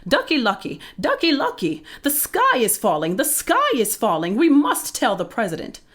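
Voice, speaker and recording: A flustered, dim-witted hen squawks her warnings in a shrill, raised voice that leaps up high, as a woman reading a storybook aloud puts her on. The delivery bounces with lively swings of pitch. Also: normal speed, heavily acted. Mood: panicked. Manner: shrill, shouting in alarm. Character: frantic panicky hen, female, dim-witted.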